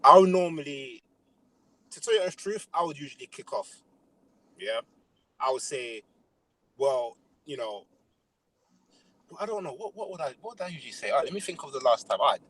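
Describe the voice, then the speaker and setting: This young London podcaster chats casually at a moderate pace with a medium-pitched, husky voice, pausing often while spinning animated, slang-filled stories. The recording is rough.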